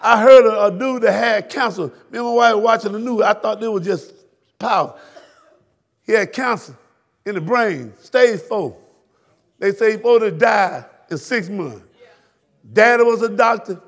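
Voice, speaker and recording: A male pastor with a Southern US accent, preaching a fiery sermon that swings from shouted peaks to hushed drops. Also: high-pitched, animated, normal speed, gravelly. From Florida, US.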